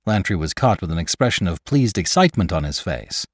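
A man narrating a classic story for a podcast, measured and expressive. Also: low voice, breathy edge, dry recording, clean studio sound.

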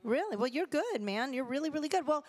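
A woman co-hosts a comedy podcast in a playful, teasing way, often breaking into giggles. Her voice is fairly high and very lively in pitch. A long reverb trails behind her words. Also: quick pace. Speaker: podcast co-host. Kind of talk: casual comedic chat.

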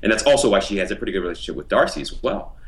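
A man's voice: fairly low pitch, expressive, racing, low-quality recording. A man in a casual podcast discussion, explaining ideas in a reflective way with many fillers.

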